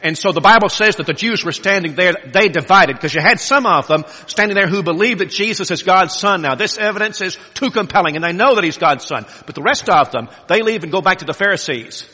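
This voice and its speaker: A man preaches a sermon told as a story. He moves between hushed passages and emphatic peaks. His voice is bright, forceful and slightly higher than most men's, with a long hall reverb behind it. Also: expressive, fairly quick, slightly rough.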